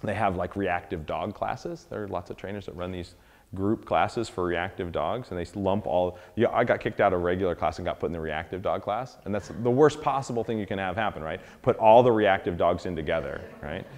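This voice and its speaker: A man giving a casual, animated dog-training lesson, acting out dogs and people in quick quoted voices. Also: low voice, in a large hall. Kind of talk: casual instructional talk.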